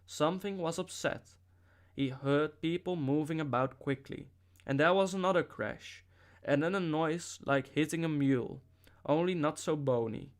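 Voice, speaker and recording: This audiobook reader, a man with a slightly high voice, narrates a novel at a moderate pace. The delivery is steady and story-driven, marked by a few slips along the way.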